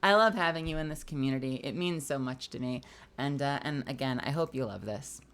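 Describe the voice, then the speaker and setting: A woman voice actor chatting casually on a live stream while signing autographs, excitable and chatty, laughing often and swearing freely. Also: very deep voice, fairly quick.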